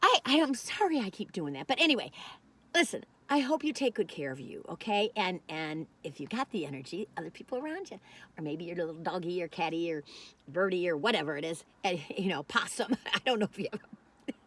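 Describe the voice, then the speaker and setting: A woman's voice: fairly low pitch, very animated, a little fast, a bit bright, slightly rough. A middle-aged woman, chatting and rambling in a folksy way while taste-testing food. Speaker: food reviewer. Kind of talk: casual taste-test chat.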